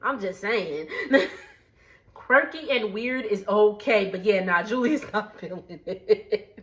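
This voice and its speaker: A woman's voice: mid-range voice, slow pace, lo-fi sound. A woman casually recapping a reality show, chatty and laughing often.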